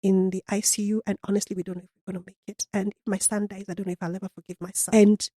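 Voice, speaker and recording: A woman's voice: medium pitch, rapid-fire, dry recording, clean studio sound. A woman coaching on customer service, telling vivid workplace stories in a conversational interview and acting out the voices in them. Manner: animated storyteller acting out quoted dialogue.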